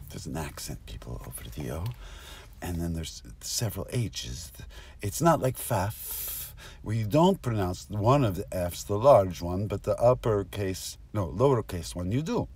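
A man's voice: low-pitched, animated, a little slow, darkish tone, slight background noise. A man delivering a rambling improvised comic monologue, jumping between topics and cutting himself off. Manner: rambling, jumps between topics, self-interrupting. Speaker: comedic monologuist.

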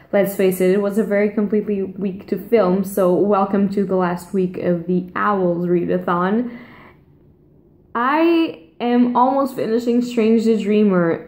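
Young woman, book vlogger, gushing, emotional, mellow voice, echoey room. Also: mid-range voice. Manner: gushing and emotional, laughs often. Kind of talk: casual vlog chat.

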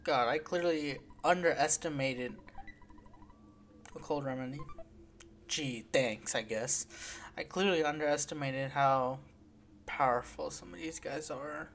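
A woman's voice: sits low, a little slow, long pauses, a little hiss or hum. A woman hosting a let's play, commenting on her game in a profane, exasperated and sarcastic way. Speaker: gaming video host. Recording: faint game music behind.

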